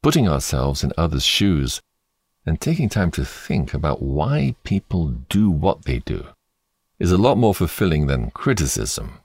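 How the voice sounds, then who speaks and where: A man giving a reflective scripted narration, reading a letter aloud in a measured, earnest, solemn way. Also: extremely low pitch, very animated, a little mellow, husky, dry recording, clean studio sound.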